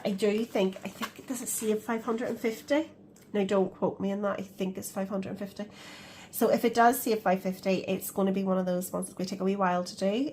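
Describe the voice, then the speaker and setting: A woman's voice: mid-range voice, slight background noise. A woman chatting casually in a budgeting vlog, counting cash aloud and laughing at herself. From Scotland. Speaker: budgeting vlogger.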